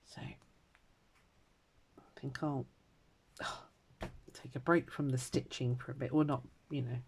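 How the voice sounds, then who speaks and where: A woman in her fifties chatting casually at home as she stitches, rambling from story to story and trailing into quiet mutters. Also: a bass voice, fairly even intonation, a little slow, slight background noise. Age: 50s. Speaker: crafter vlogger. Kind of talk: casual chat while stitching.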